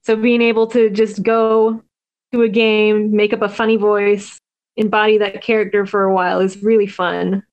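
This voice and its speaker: A soft-spoken woman being interviewed on a podcast, chatting casually with frequent laughs and restarts. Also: medium pitch, little pitch movement, moderate pace, clear, resonant tone, muffled recording. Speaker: podcast guest, new tabletop gamer.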